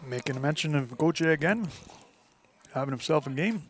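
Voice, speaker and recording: A man with a Canadian accent giving relaxed, chatty colour commentary at an outdoor football game, with plenty of fillers. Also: a little high, moderate pace. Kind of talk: casual sports colour commentary.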